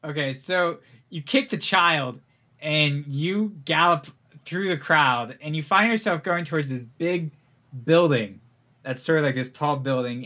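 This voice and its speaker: A man narrates a tabletop role-playing session as game master, his voice a touch high and strikingly bright. He talks in a relaxed, halting way, stopping for fillers as he describes the scene.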